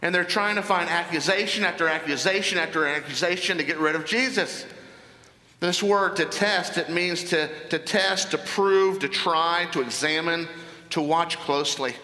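In a large church hall with long, echoing reverb, a male pastor preaches a sermon, his voice high and bright. He moves through a Bible passage deliberately, slowing down to give emphatic weight to its key words.

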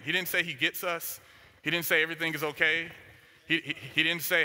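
A man's voice: on the high side, a little fast, sharp tone. A man preaching a sermon, driving his points home with short, repeated declarations. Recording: long hall reverb.

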